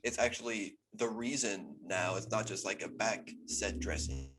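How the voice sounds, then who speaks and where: This podcast co-host has a lowish, slightly bright male voice at a normal pace, with a little hiss or hum on the recording. He talks about a movie in a relaxed, agreeable way, stammering and restarting as he goes.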